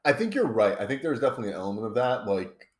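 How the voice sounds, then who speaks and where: Male podcast co-host, low register, loose rambling film talk. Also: big pitch swings, rapid-fire. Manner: rambling, restarts with lots of "like". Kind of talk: casual film discussion.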